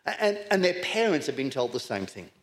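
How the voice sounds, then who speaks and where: A man's voice: mid-range voice, very animated, a little fast. A middle-aged man born in Scotland, preaching a sermon with rhetorical questions and repeated words for emphasis.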